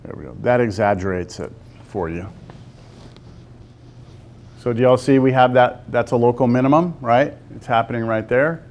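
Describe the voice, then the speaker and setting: A man teaching a calculus lesson to a class. He talks through a graph step by step and keeps pausing to ask the students whether they see it. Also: mid-range voice, darkish tone, a little hiss or hum. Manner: talks to the class, asks lots of check-in questions. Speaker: math teacher.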